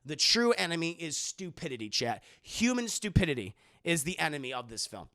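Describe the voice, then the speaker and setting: A man's voice: on the high side, very animated, a little fast, sharp tone. A man streaming a casual, profane spoiler recap of a film, rambling and talking to his live chat.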